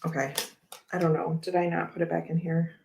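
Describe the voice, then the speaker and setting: A woman in her thirties hosts a casual tarot livestream with a somewhat low voice. She rambles through stories and readings in an easy, chatty way, laughing often as she goes. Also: flat delivery, fairly quick, gravelly, darkish tone, a little hiss or hum. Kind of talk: casual chat while handling cards.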